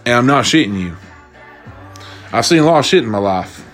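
Speaking briskly in a medium pitch, a young adult storyteller rants his way through casual anecdotes. He's exasperated and profane, his retelling animated, with soft music underneath.

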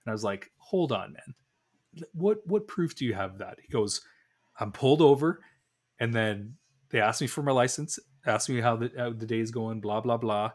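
Man, 30s, podcast co-host, rambling anecdote, lots of restarts, mid-pitched voice. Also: moderate pace. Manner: rambling anecdotal storytelling with many restarts and animated quoted dialogue. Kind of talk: casual podcast chat.

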